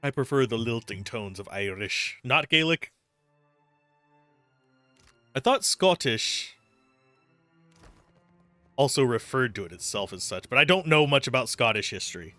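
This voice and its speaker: A man's voice: medium pitch, lively intonation, measured pace, long pauses, pushed and bright, no echo, soft background music. A man giving casual, wry commentary while playing a game. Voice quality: chatty, wry, self-amused. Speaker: game streamer.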